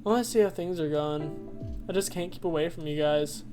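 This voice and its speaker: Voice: medium pitch, normal speed, mellow, soft background music, natural voice. A streamer voicing a cheerful, chatty man calling on the phone in a game, reading breezily.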